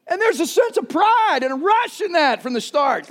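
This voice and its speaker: A middle-aged man preaching a sermon, telling stories with lively energy and bursts of shouting. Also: very high voice, moderate pace. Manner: animated storytelling, shouts during anecdotes. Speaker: pastor.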